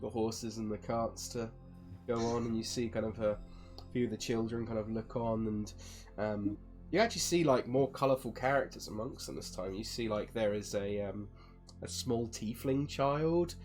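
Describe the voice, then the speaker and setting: A man's voice: fairly low pitch, normal speed, soft background music. Guy dm'ing a tabletop game, chill narration, lots of ums and likes. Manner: relaxed, descriptive with fillers. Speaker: dungeon master.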